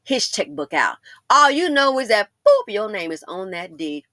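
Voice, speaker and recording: A woman talks straight to her viewers in a casual commentary, animated and sassy. Her voice sits high and bright, and the close, dry recording carries almost no room sound. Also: moderate pace, hardly any pauses, no echo. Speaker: commentary channel host.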